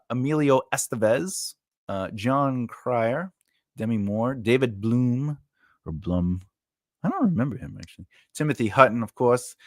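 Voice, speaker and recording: Lively, rambling man chatting live. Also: mid-range voice, no room sound, clean studio sound. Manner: chatty and rambling, with many fillers, repeats and asides; playful, laughs often and reacts to the viewer chat. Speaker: writing coach hosting a live stream. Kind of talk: casual live-stream chat.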